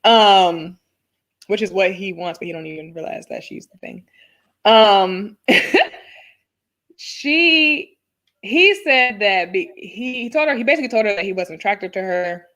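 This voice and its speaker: A woman co-hosting a casual reality TV recap, chatty and quick to laugh. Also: medium pitch, animated, a bit bright. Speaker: podcast co-host.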